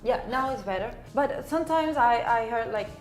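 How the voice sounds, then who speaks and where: A woman's voice: on the high side, lively intonation, moderate pace. A woman chatting casually, hesitant and searching for her words. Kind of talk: casual chat. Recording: roomy clip with faint music.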